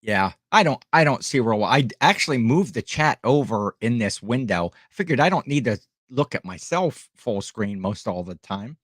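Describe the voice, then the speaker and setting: A man's voice: medium pitch, expressive, normal speed, hardly any pauses, a bit bright, no echo, studio quality. A middle-aged man from Ohio hosting a casual live stream at home, rambling and greeting viewers by name.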